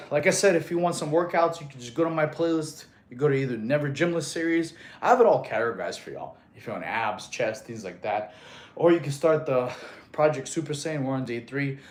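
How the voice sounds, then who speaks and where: A man's voice: a little high, reverberant. A man chatting casually on a live stream, giving fitness advice, thanking viewers and counting out push-ups, sometimes a little out of breath. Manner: laid-back, chatty, thanks viewers, counts reps aloud.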